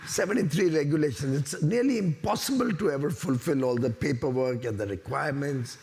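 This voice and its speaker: Gravelly-voiced Indian man, emphatic. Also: fairly high pitch, expressive, brisk, a little mellow. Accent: Indian English. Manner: assertive, emphatic, with repeated points. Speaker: government minister. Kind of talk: panel discussion.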